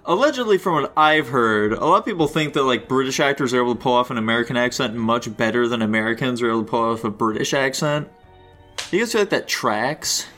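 A man hosting a podcast with a bright, sharp tone. He steers the chat, teases the others and laughs easily at crude jokes. Faint music plays behind him. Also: medium pitch, expressive, quick pace. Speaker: podcast co-host. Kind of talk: casual podcast banter.

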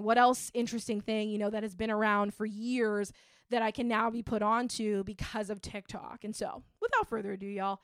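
A woman hosting a show, talking in a chatty, animated way with lots of fillers. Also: medium pitch, no room sound, studio quality. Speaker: host. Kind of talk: casual monologue.

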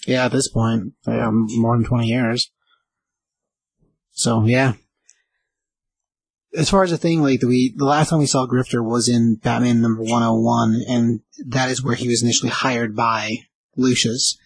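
A man with a husky, mid-pitched voice drops short agreements and side comments into the chat. His sound is close and dry. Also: steady tone, a little slow, dry recording, poor audio. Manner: chimes in with short agreements and asides. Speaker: podcast co-host. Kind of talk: casual chat.

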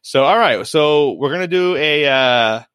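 A man co-hosting a podcast in casual chat, animated and jokey, often repeating himself. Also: fairly high pitch, unhurried, smooth, no echo, studio quality. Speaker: podcast co-host.

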